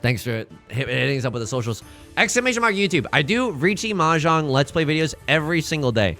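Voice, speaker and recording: A man streaming a live card-and-tile game, commenting in a jokey, animated way with dramatic outbursts. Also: on the high side, fast, faint music behind.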